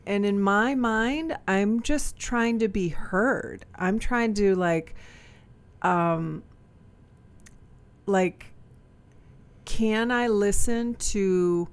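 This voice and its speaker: A woman co-hosting a podcast with her partner, talking reflectively about feeling unheard, searching for words. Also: mid-range voice. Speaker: podcast co-host. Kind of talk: candid couple's chat.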